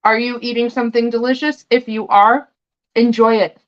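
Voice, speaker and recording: A woman's voice: fairly high pitch, level tone, normal speed, muffled recording. A woman hosting a tarot livestream, chatting casually and swearing freely while she snacks between thoughts.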